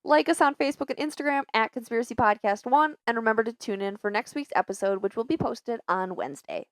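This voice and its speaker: A woman co-hosts a casual podcast, chiming in with short, wry remarks. Her voice sits a little high, and the recording is close and dry. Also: quick pace, no echo. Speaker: podcast co-host. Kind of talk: casual chat.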